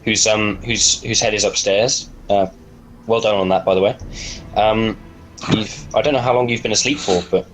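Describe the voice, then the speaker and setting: A man's voice: fairly low pitch, fairly even intonation, normal speed, low-quality recording. A man playing a tabletop game in character, speaking politely and hesitantly with many fillers. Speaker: player.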